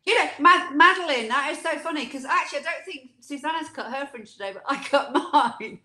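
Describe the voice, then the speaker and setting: A playful woman co-hosting a casual chat, her fairly high voice bouncing around a roomy space. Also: pushed and bright. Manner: playful, quick to laugh. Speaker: co-host.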